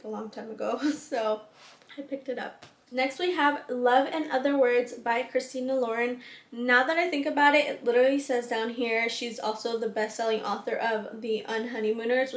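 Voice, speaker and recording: A woman's voice: a little high, a bit bright, echoey room. A young woman chatting casually about books she owns, gushing and full of fillers like "um" and "like". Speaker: book vlogger. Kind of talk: casual book haul chat.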